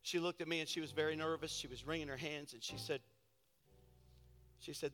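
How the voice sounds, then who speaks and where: A man's voice: fairly high pitch, steady tone, a little fast, faint music behind. A man preaching a sermon as pastor, telling a story with fervent delivery. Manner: storytelling, building to loud preaching; soft and intimate in storytelling, loud and fervent in exhortation.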